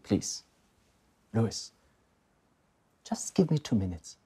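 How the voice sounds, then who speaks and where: An actor playing a calm male psychiatrist who speaks in a measured, patient way. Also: fairly low pitch, breathy edge, full character voice.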